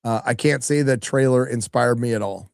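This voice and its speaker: A middle-aged man hosts a live stream in a loose, chatty way, cursing often as he reads out viewer messages. His voice sits at an ordinary pitch and is recorded dry and close to the mic. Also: normal speed, vocal fry, darkish tone, no room sound. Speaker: livestream host reading donations. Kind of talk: casual live-stream chat.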